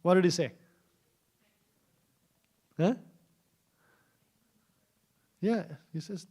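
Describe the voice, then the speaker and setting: A man giving a scripture class in a temple, telling a story with many fillers and pauses. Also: sits high, dark tone, breathy edge. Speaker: scripture speaker. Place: temple hall.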